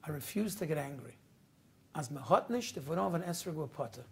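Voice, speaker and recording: A man doing a gentle, solemn old grandfather. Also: fairly high pitch, quick pace, creaky, slightly rough, pitched below the performer's own voice, exaggerated voice. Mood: solemn calm. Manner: quiet, steady, solemn. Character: devout elderly grandfather, calm and gentle.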